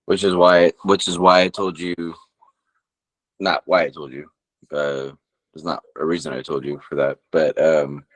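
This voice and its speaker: Podcast co-host, man, deep voice, rambling swear-heavy storyteller. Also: flat delivery, measured pace. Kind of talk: casual chat.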